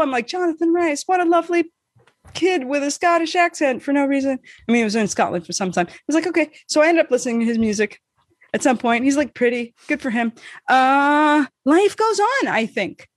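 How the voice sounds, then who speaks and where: A woman co-hosting a podcast, telling a story in casual chat, animated and swearing freely, acting out the voices she quotes. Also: high voice, brisk, no room sound, clean studio sound. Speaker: podcast co-host.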